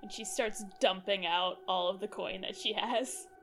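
A woman playing a tabletop game, narrating her character slowly and hesitantly. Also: mid-range voice, steady tone, fairly bright tone, faint music behind. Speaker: player.

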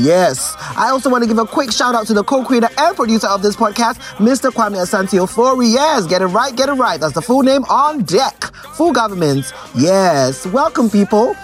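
A Ghanaian woman with a Ghanaian accent hosts a casual solo podcast, animated and exclamatory, mixing English with Twi. Her voice sits a little high.

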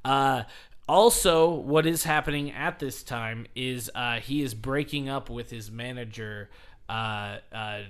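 A man's voice: mid-range voice, measured pace, a bit bright, clean tone. A man casually retelling a story on a podcast, rambling with fillers and acting out quotes. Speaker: podcast host recapping wrestling history. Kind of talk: casual chat.

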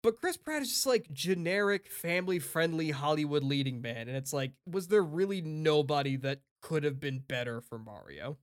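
A man co-hosting a casual chat, animated and opinionated, laughing often and swearing freely. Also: fairly high pitch, moderate pace, few pauses, clear, resonant tone. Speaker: podcast co-host.

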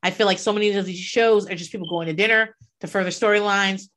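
A woman's voice: mid-range voice, steady tone, fast, a bit bright. A woman co-hosting a casual chat, blunt and profane, laughing often.

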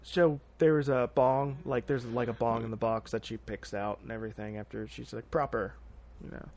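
A man's voice: medium pitch, steady tone, moderate pace, a little mellow. A young man from Kentucky with a light Southern accent, chatting casually and rambling with lots of fillers and restarts. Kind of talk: casual podcast chat.

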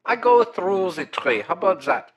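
A man's voice: high-pitched, very animated, normal speed, rough recording. A man voicing a pompous male mushroom creature who calls in to a comedy show and speaks in a formal, grandiose way. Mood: boastful. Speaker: caller.

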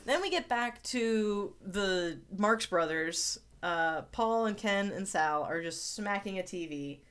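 A woman's voice: medium pitch, lively intonation, takes it slowly, a bit bright. A woman co-hosting a podcast, chatting casually and joking as she recaps a TV episode with a friend. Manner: wry, joking, laughs often. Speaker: podcast co-host.

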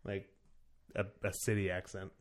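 A man's voice: sits low, monotone, moderate pace. A young man chatting casually and easygoingly, laughing often. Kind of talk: casual chat.

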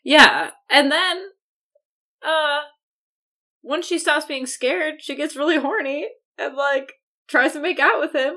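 A woman's voice: high-pitched, slow pace, pushed and bright. A young woman co-hosting a podcast, mocking a book's characters in indignant casual chat. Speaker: podcast co-host. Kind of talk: casual book-recap chat.

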